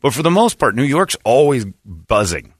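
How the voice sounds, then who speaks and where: A man's voice: mid-range voice, very animated, moderate pace, husky, no echo, clean studio sound. A man hosting a radio talk show, telling rambling stories, laughing often and acting out quotes in casual banter.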